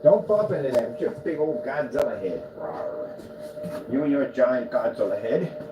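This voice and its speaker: A man's voice: medium pitch, lively intonation, a little fast. A man who runs a small screen business, chatting casually in his workshop, preaching about faith and then cooing playfully at his cat. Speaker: projector screen business owner. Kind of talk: casual vlog chat. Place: indoor workshop with boxes and desk. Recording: noisy room background.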